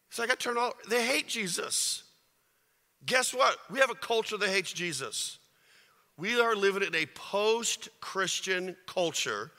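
Man, pastor, conversational sermon, rhetorical questions, very bright tone, long church reverb. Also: sits high, lively intonation, unhurried. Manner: conversational, rhetorical questions, rises to forceful preaching. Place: church sanctuary. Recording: reverberant hall.

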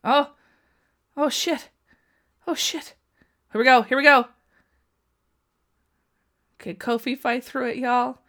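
A chatty woman watches a wrestling match along with her audience. She talks at an unhurried pace and addresses viewers directly. She gasps and yelps whenever the action heats up. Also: high-pitched. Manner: excitable, gasps and cries out at the action. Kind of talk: casual live reaction commentary.

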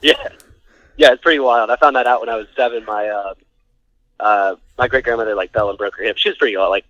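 A man's voice: fairly low pitch, fast talker, fairly bright tone, no room sound, lo-fi sound. A man, a band frontman and producer, chatting casually as a podcast guest, rambling with many fillers. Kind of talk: casual storytelling interview.

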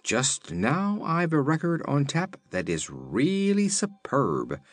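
A man's voice: on the high side, big pitch swings, takes it slowly, no echo, pitched above the performer's own voice, exaggerated voice. A man voicing a sulky, boastful talking phonograph machine in a storybook reading. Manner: sad then indignant, sulky.

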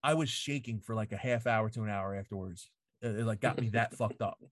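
A man's voice: fairly low pitch, fairly quick, no room sound, studio quality. A man in casual chat, telling a story full of swearing and "like" fillers, recorded in a home basement.

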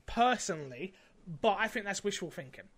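A man's voice: high-pitched, a little fast. Chatty man hosting a podcast. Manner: animated storytelling, lots of fillers. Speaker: podcast host. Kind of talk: casual chat.

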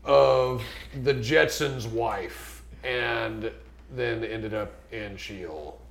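A man rambles and jokes as a player in a tabletop role-playing game. His voice has a gravelly fry and sits at a middle pitch. The room echoes around him. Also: very slow. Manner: joking, rambling. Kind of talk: casual tabletop play.

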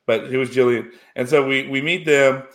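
A man chatting loosely about a film, wandering through the plot with plenty of ums and false starts. His voice sits at an everyday middle pitch. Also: brisk, fairly bright tone. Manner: rambling, many fillers and restarts. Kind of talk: casual chat recapping a film.

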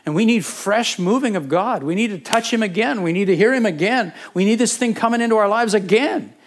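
A man's voice: high-pitched, a little fast. Fervent man preaching a sermon. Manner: fervent, builds from quiet to urgent pleading; repeats phrases for emphasis. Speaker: pastor. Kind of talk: sermon with closing prayer.

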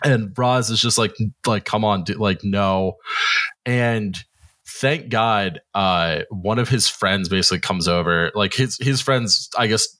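A man's voice: on the low side, measured pace. A man in his thirties co-hosting a podcast, telling a story in casual chat, acting out what people said and swearing freely. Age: 30s. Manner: animated storyteller, acts out quotes, swears freely. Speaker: podcast co-host.

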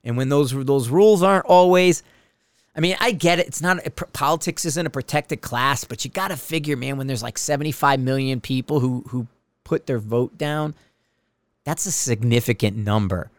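Middle-aged male podcast host, rambling and profane, clear voice on a dry close mic. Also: mid-range voice, normal speed, no room sound. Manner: rambling, profane, stop-start. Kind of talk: casual monologue.

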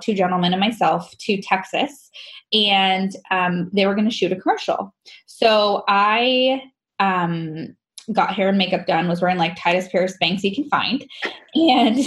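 A woman guest telling her personal story candidly, laughing often and acting out the dialogue. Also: mid-range voice. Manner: animated, laughs often, acts out quoted dialogue.

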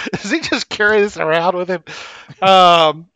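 A man co-hosting a casual podcast about movies, talking haltingly, repeating words and laughing often. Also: high voice, crowd noise. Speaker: podcast co-host.

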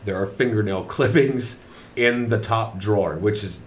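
A man's voice: fairly low pitch, normal speed. Laid-back swearing man hosting. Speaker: podcast host. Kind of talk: casual chat. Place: old manor house.

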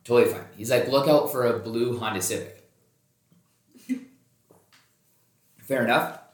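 In a roomy, echoey recording, a podcast host with a mid-range voice talks a little slowly as he tells a story in casual conversation. He's animated, performs the dialogue himself, and curses without restraint.

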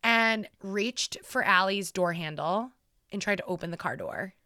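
A woman's voice: mid-range voice, a little slow, bright, forceful tone, dry recording, clean studio sound. Profane woman telling a scary story. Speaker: podcast co-host. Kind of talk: casual storytelling chat.

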